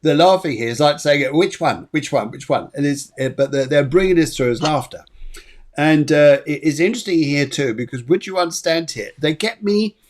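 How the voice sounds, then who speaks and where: A man hosts a live spiritual reading and works as a medium himself. He speaks softly and with enthusiasm, and he often repeats words as he relays impressions. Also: on the high side, normal speed, a little hiss or hum. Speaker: medium and show host.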